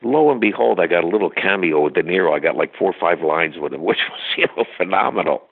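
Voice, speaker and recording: A man's voice: low-pitched, animated, fast talker, vocal fry, breathy edge. An older man telling chatty anecdotes as an interview guest, full of fillers and restarts, heard over a phone line. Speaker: guest singer. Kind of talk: storytelling interview.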